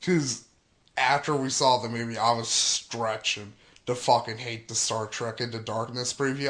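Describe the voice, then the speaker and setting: A man's voice: mid-range voice, fairly even intonation, normal speed, fairly bright tone. A young man with an ordinary mid-range voice, talking casually as he recaps a film preview. He swears constantly and works himself up into exasperated rants. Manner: profane, ranting, heavy swearing. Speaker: gaming and movie vlogger.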